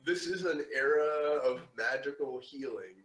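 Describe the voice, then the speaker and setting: A man running a tabletop game as game master, rambling with many fillers and throat-clearing. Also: on the high side, unhurried, fairly bright tone, reverberant, poor audio.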